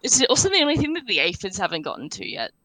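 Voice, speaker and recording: A young woman chats as a guest on a podcast. Her voice is bright and her pitch moves around a lot, and she talks in a matter-of-fact way with plenty of fillers. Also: huge pitch swings, fast talker, poor audio. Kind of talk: casual chat.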